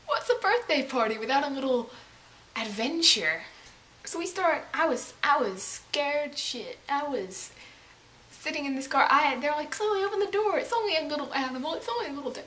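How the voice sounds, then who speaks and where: A young woman with a high voice tells a story in a lively, dramatic way, swearing freely and breaking into yells. A faint hiss sits under the recording. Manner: dramatic, animated storytelling with swearing and bursts of yelling. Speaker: vlogger. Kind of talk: casual storytelling.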